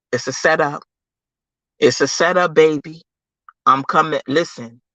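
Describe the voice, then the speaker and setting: Live-stream host, forceful faith pep talk, dry close sound, big swings from hushed low lines to loud high outbursts. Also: no room sound. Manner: preachy, emphatic, repeats phrases, calls listeners baby. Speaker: livestream host.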